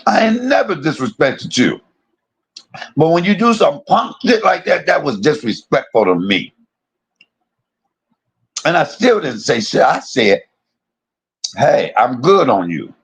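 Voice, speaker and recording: A man's voice: fairly high pitch, very animated, a little slow, pauses often, husky. A man on his own livestream, delivering a heated, profane and confrontational rant that circles back on itself and repeats points. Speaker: live streamer.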